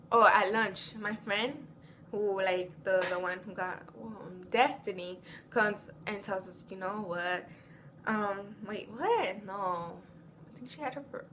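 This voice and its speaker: A woman's voice: mid-range voice, a little hiss or hum. A teenage girl telling a school drama story as a casual vlog, acting out what everyone said. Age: teens. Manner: animated, reenacting quotes. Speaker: vlogger.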